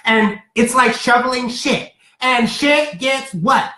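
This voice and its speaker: Giggly woman doing card readings on a live stream, bright voice, echoey room. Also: on the high side, slow. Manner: giggly, playful, animated delivery. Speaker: card reader.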